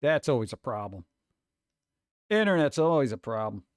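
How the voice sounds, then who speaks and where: A man's voice: medium pitch, very animated, normal speed, dry recording. A man from New York with a New York accent, hosting a casual livestream and reacting to chat in a sarcastic, mock-exasperated way. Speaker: streamer host.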